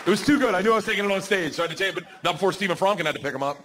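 A man in his forties doing a stand-up comedy set, telling stories loudly and jumping into the voices of his kids and friends. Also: high voice, racing, some chatter behind, a little hiss or hum. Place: comedy stage with a live audience. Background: audience laughter.

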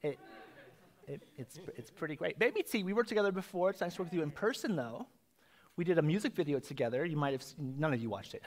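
A man hosting a drag game show live on a theater stage, his voice pitched high and swinging wide with campy energy. He rambles and mocks himself between bits, talking into a handheld mic. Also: expressive, fast. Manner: campy, rambling, self-mocking banter. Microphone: handheld microphone.

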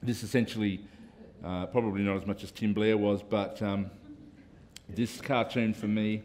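A man's voice: lowish voice, a little hiss or hum. Rambling self-deprecating Australian man. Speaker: cartoonist on a panel. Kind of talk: casual panel talk.

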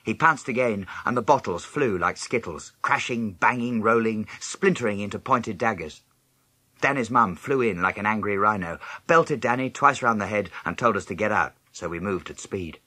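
A man reading a children's novel aloud as a first-person audiobook narration, with lively storytelling. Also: normal speed, no echo. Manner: lively storytelling, jumping high in pitch for other characters' lines.

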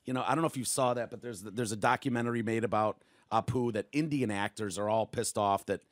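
A man's voice: fairly low pitch, fast, no room sound, clean studio sound. A man hosting a podcast, asking questions in a casual, laid-back way. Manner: casual, laid-back, with frequent agreeing "yeah"s. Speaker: podcast host. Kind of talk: casual conversational interview.

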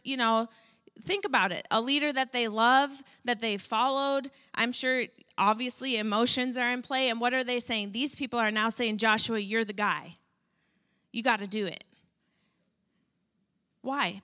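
A woman preaching a sermon to a congregation, animated and now and then acting out whiny complaints in a high voice.

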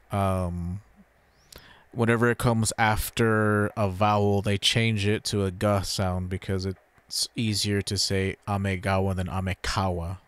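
Low-voiced male streamer explaining pronunciation. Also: smooth, no room sound. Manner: explains Japanese pronunciation, repeating words slowly. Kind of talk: casual gameplay commentary.

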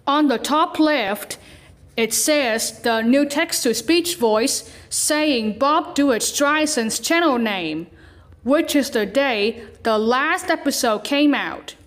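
High-pitched woman doing a reaction vid, slow, kinda rambly. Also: animated, a bit bright. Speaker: reaction video host. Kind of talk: casual reaction commentary.

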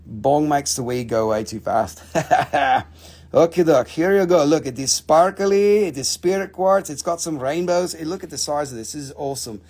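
A man hosting a live crystal sale, joking crudely and playfully while pitching prices. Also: moderate pace, a little mellow, slightly rough. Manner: crude, playful, prone to silly voices and jokes. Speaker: host selling crystals on a live stream.

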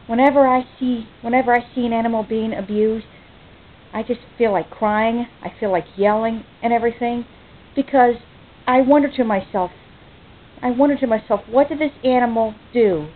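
An American woman talking earnestly and off the cuff in a home vlog, halting and restarting often with many ums, sounding choked up. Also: fairly high pitch. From United States. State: choked up, near tears. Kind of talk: impromptu personal vlog. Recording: tinny phone-like, faint hiss.

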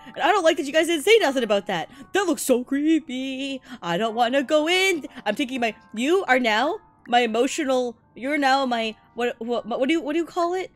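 A woman with a high-sitting voice streams a game live, talking briskly with hardly any pauses over soft background music. Her banter is jokey and excitable, she laughs often, and scares make her yelp.

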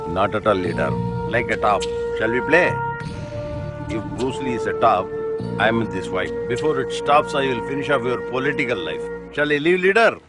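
A man's voice: mid-range voice, lively intonation, normal speed, lightly acted. A man dubbing a brash, boastful upstart politician in a movie, mocking and swaggering. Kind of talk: movie dub. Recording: dry dub with faint music.

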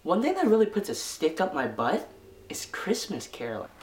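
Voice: medium pitch, wildly swooping pitch, normal speed, echoey room, heavy background noise. A comedy vlogger doing a sarcastic, rambling holiday sketch in a mock-dramatic way.

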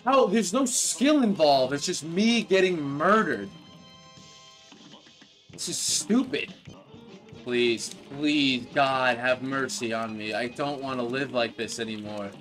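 A young man giving live commentary as he plays a video game, frustrated, yelling at the boss and rambling in jokes. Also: mid-range voice, lively intonation, slow pace, soft background music. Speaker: gamer playing a video game.

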